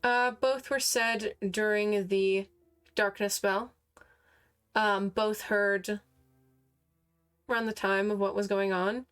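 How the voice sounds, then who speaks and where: A woman's voice: medium pitch, steady tone, takes it slowly, pauses often, a bit bright, clear, resonant tone, soft background music. A woman playing a tabletop game, brash and swearing as she questions a suspect.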